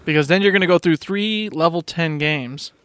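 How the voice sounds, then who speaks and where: A man co-hosting a podcast with a high, bright voice that swings widely as he tells stories. He chats casually and animatedly. The sound is dry and close. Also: moderate pace, no echo. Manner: animated storyteller. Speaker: podcast co-host. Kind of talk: casual chat.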